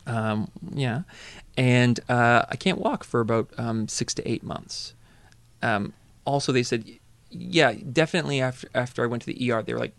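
A man with a gravelly, creaky voice and a middle pitch tells a story in casual conversation. He talks with animated delivery and slips into quick voices for the people in it. The sound is dry and close, with no room echo. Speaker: storyteller guest. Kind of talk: casual chat.

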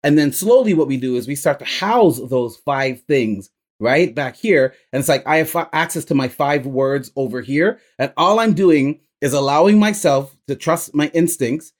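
A man's voice: on the high side, lively intonation, moderate pace, hardly any pauses. A man coaching a student through rhyming exercises, upbeat and laughing often, with plenty of fillers. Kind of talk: casual coaching session.

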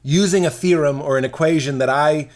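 A man's voice: fairly high pitch, fairly quick. A man, a stand-up comedian, chatting casually and breaking into silly character voices. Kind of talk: casual chat.

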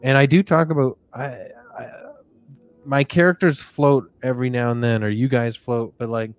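A man hosting a comic sleep-story podcast, talking softly with drifting, rambling jokey asides. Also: medium pitch, steady tone, normal speed, smooth, soft background music. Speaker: podcast host.

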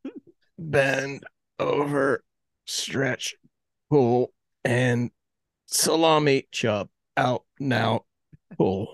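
A man's voice: mid-range voice, extremely slow, vocal fry, pauses often, dry recording. A man in an improv comedy scene, dryly calling out each step of his own actions.

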